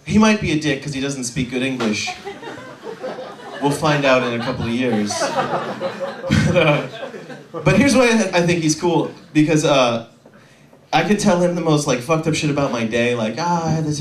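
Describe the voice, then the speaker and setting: A man in his twenties doing a stand-up set, rambling and self-deprecating, often halting with fillers. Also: fairly high pitch, lively intonation, reverberant, recorded from a distance. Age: 20s. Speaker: stand-up comedian.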